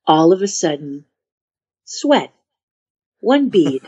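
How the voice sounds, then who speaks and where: A woman appears as a podcast guest, telling a story dramatically and acting out the voices of the people in it, even whispering at points. Her voice is lowish, sing-song, slow and mellow with a breathy edge, and the recording has a dull lo-fi sound.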